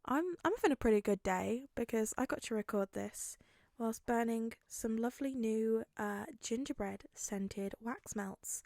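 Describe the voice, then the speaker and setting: A woman reading fan fiction aloud as an audiobook, with a gentle, chatty manner. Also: a little high, measured pace, no echo, studio quality. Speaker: podfic reader.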